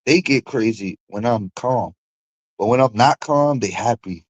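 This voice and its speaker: A man's voice: mid-range voice, a little slow, no echo. Profane ranting man, dry dull sound. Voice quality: animated, profane, mocking impressions. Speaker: streamer host. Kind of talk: casual ranting monologue.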